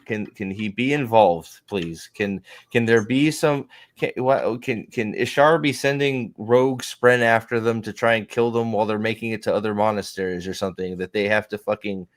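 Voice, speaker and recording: A man's voice: lowish voice, normal speed, hardly any pauses. A man in casual book discussion, rambling and restarting, swearing often and acting out scenes. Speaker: podcast host.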